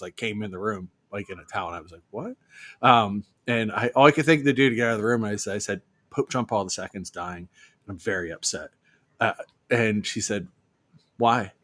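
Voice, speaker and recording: A man's voice: on the low side, dry recording. A man in his fifties co-hosting a show, rambling through jokes with lots of fillers. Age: 50s. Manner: rambling, joking, many fillers. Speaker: co-host. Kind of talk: casual banter.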